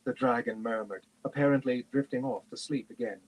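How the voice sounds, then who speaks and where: A man reading a fantasy novel aloud in a steady, measured way on a livestream. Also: mid-range voice, rough recording. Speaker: reader.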